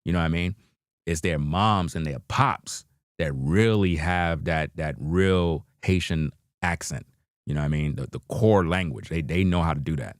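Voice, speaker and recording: Deep-voiced New man chatting. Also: normal speed, no room sound, clean studio sound. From New York. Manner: laid-back slang, frequent "you know what I mean", chuckling. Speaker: livestream host reacting to videos. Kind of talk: casual livestream chat.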